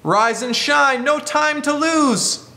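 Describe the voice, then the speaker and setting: A man's voice: extremely high pitch, slow pace, creaky, sharp tone, voice pushed up, full character voice. A man voicing little William, a cheerful small male character calling in sing-song rhymes in a picture book.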